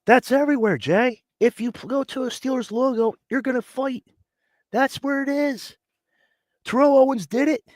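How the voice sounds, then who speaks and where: A man's voice: very high-pitched, moderate pace, no echo. A man hosting a live sports stream, ranting and mocking rival teams while sick with a cough. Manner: animated, mocking, mimics players. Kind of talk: casual live-stream rant.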